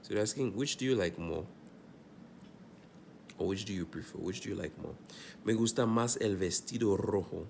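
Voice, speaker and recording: A man's voice: lowish voice, normal speed, gravelly, pauses often, darkish tone, slight background noise. A man teaching a Spanish grammar lesson, going over examples and checking in often with "all right?".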